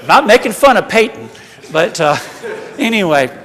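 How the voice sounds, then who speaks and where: A man with a Southern American accent preaches to a church retreat in a casual, joking manner that often pokes fun at himself. His voice sits somewhat high. Long reverb from the church hall trails behind each phrase. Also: big pitch swings, moderate pace, a bit bright. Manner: humorous, self-deprecating preaching. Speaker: priest giving a retreat talk. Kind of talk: conversational sermon.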